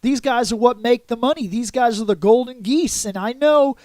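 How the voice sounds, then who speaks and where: A man's voice: very high voice, normal speed, darkish tone, no room sound, clean studio sound. A man voicing a scheming male alien showrunner villain, in a smug, confiding way.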